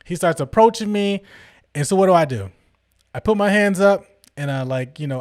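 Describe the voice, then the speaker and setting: A man vlogging, telling a story casually in animated, slangy talk and acting out the people he quotes. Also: sits high, normal speed, dry recording, clean studio sound.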